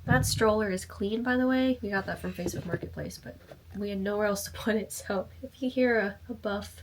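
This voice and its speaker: A woman's voice: mid-range voice, brisk, slight background noise. A woman hosting a casual commentary video, reading out comments and reacting to them. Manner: chatty, reads comments aloud and reacts. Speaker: commentary channel host.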